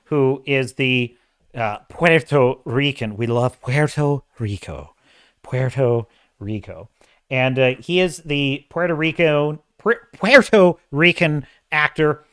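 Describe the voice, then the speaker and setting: The podcast host's smooth voice sits a little high, captured on a dry, studio-quality recording. On his live-stream show he rambles through an opinionated movie review, animated throughout and often correcting himself mid-thought.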